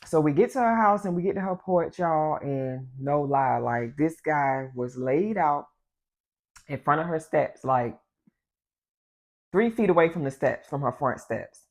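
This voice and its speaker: A woman vlogger telling a personal story in a casual, animated way, talking straight to her viewers. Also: low voice, unhurried. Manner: animated, addresses the audience as y'all.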